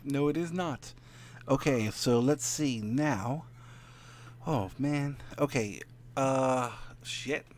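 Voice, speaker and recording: A man's voice: mid-range voice, slow pace, darkish tone, slight background noise. A man running a tabletop game as dungeon master, narrating in a rambling way with lots of fillers.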